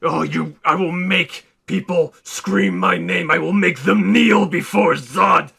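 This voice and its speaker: A man voicing the arrogant alien general Zod, taunting and shouting boastful threats. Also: high voice, slow, gravelly, slightly rough, full character voice. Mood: ranting. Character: arrogant furious alien general, male adult.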